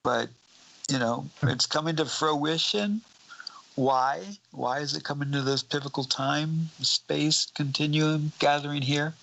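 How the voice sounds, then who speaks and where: A male guest on a talk radio show with a gravelly edge to his voice. He rambles in a playful, joking way and drifts from one idea to the next in casual chat. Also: a little high, unhurried, a bit bright, poor audio.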